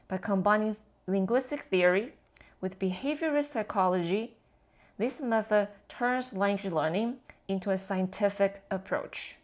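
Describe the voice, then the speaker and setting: A woman educator giving a scripted lesson on language teaching, with measured, explanatory delivery. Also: medium pitch. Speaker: TESOL educator.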